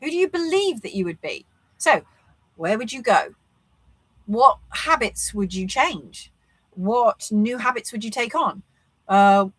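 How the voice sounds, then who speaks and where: A woman's voice: on the high side, fairly bright tone, slightly rough, dry recording, low-quality recording. A woman, speaking straight to camera, coaching on manifesting in an earnest, reflective way and asking lots of rhetorical questions. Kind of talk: talking-to-camera motivational vlog.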